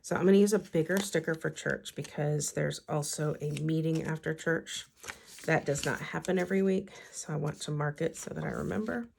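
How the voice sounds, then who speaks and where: Lady talking through her planner spread, kinda rambly, gravelly low voice. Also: fairly quick, a little mellow, a little hiss or hum. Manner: chatty, talks to herself as she works. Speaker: planner vlogger and teacher. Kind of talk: casual chat while decorating a planner.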